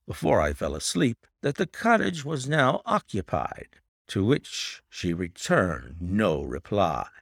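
A man with a low voice narrates a classic tale in the first person, his pitch rising and falling with each turn of the story. The recording is dry and close, with no room sound at all. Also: no room sound. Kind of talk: dramatic audiobook narration.

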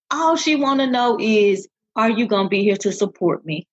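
A woman's voice: mid-range voice, animated, normal speed, hardly any pauses, breathy edge. A woman co-hosting a podcast, speaking emphatically and repeating phrases for effect in casual conversation. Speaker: podcast co-host. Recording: dull lo-fi audio.

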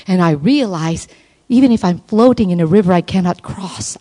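A woman preaching a sermon at a women's conference, passionate, swinging from soft low appeals to high exclaiming calls. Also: animated, a little fast.

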